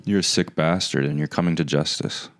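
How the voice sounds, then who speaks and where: A man's voice: very deep voice, steady tone, fairly quick, dry recording. A man hosting a casual comedic chat show, teasing his guest with dry humor. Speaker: podcast host.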